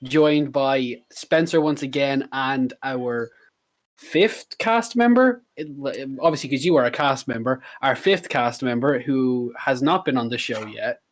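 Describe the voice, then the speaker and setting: A man's voice: medium pitch, fairly even intonation, measured pace, few pauses. A man co-hosting a podcast in casual chat, enthusiastic and chatty, with many "like" fillers. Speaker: podcast co-host.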